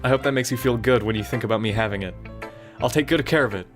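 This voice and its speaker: A man's voice: medium pitch, fast, soft background music, natural voice. Yuri, a man doing an obsessive shy girl. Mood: fawning.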